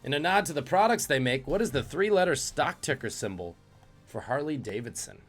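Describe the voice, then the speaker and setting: A man's voice: on the high side, very animated, brisk, faint music behind. A man hosting a live-streamed trivia quiz, reading questions and joking about viewers' guesses. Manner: jokey, reads out questions and chat guesses. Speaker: trivia host.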